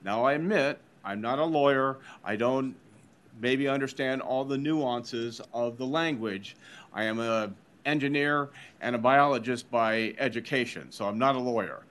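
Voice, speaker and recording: A man testifying as a member of the public at a legislative hearing, speaking deliberately and hesitantly, thinking aloud. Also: mid-range voice, fairly bright tone, clear, resonant tone.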